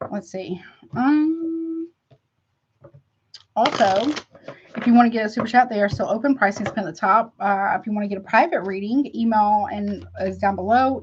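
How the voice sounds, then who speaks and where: A woman's voice: medium pitch, a little mellow, highs cut off, slight background noise. A woman reading tarot in a casual livestream, chatty and frank, calling her viewers honey and baby with rambling asides. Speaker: tarot reader.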